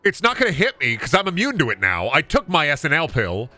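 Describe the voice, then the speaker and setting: A man's voice: fairly high pitch, huge pitch swings, fast talker, sharp tone, faint music behind. A man streaming a game, chatting to his audience in a rambling, exaggerated way. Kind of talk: casual live-stream chat.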